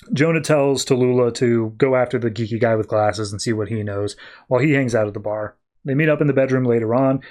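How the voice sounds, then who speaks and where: A man's voice: medium pitch, darkish tone. Casual man recapping a comic plot. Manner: rambling, filler-heavy retelling with quick offhand quoted voices. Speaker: podcast co-host recapping comics.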